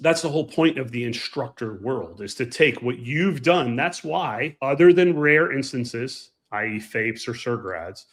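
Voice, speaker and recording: A man co-hosting a casual podcast, telling emphatic, animated anecdotes about flying. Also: mid-range voice. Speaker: podcast co-host and pilot. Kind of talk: casual chat, storytelling.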